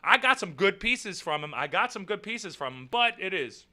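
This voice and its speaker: Animated, bright-voiced man telling stories. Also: high-pitched, moderate pace, no room sound. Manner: rambling, profane storytelling. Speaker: host. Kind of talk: casual livestream chat.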